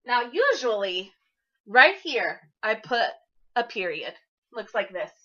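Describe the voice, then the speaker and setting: A woman teacher leads an early-grade lesson for young children in a classroom, speaking encouragingly in a sing-song way. Her voice is a little high, pushed and bright, and she talks at a slow pace, heard on a dull lo-fi recording.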